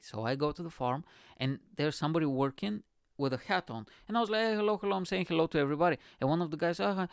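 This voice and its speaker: A man's voice: on the high side, gravelly, no echo, studio quality. A man, a podcast host, telling a long casual story in English, swearing freely and laughing often. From Bulgaria. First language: Bulgarian.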